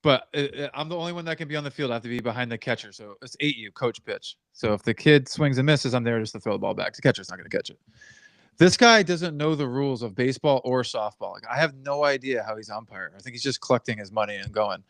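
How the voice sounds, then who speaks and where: A man's voice: medium pitch, fast talker, a bit bright, no room sound. A man co-hosting a podcast who vents in rambling casual chat and laughs often. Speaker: podcast co-host.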